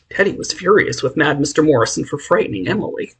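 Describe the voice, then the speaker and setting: An audiobook narrator reads a story in a measured, expressive way. The voice is gravelly and strongly husky, sitting at an ordinary middle pitch.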